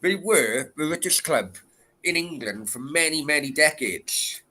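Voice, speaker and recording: A man's voice: on the high side, lively intonation, a little slow, a crowd in the background. A man hosting a football live stream, chatting casually and stumbling over his words. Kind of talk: casual chat.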